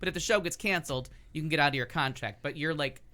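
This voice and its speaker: A man's voice: a little high, fast talker, pushed and bright. An American man co-hosting a casual talk show, gossiping and riffing with profanity. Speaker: podcast co-host. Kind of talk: casual chat.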